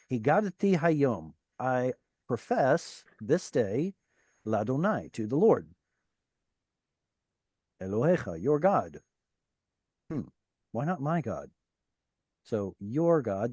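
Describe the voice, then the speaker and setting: A man leads an online class over a video call, his voice dark and mellow and the sound dry. He explains patiently, slows down to spell out phrases, and often stops to search for words, with fillers and restarts. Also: mid-range voice, big pitch swings, husky, no echo. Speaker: Hebrew teacher.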